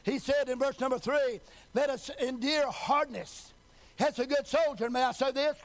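A preacher whose voice is pitched extremely high speaks at normal speed, pushing his sermon toward shouted chanting before easing into a quiet, folksy manner. He repeats lines and asks the congregation whether they're hearing him.

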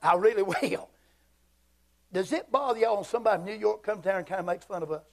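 Folksy Southern preacher man, high voice. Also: quick pace, creaky. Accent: Southern American. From Southern United States. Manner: folksy, animated, swings between shouting and hushed asides. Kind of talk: fiery church sermon. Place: church sanctuary.

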